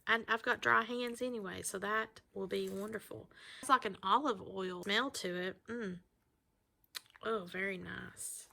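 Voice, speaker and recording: A woman's voice: medium pitch, steady tone, unhurried, vocal fry, bright, forceful tone, slight background noise. A middle-aged woman chatting casually as she unboxes a package of handmade soap, gushing and exclaiming over each item. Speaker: vlogger showing handmade soap mail.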